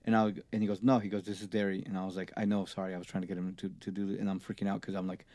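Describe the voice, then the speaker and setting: Low-voiced man telling profane studio stories. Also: rapid-fire, no echo. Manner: profane, animated anecdotes with laughs. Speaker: guest, recording engineer. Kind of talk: casual storytelling.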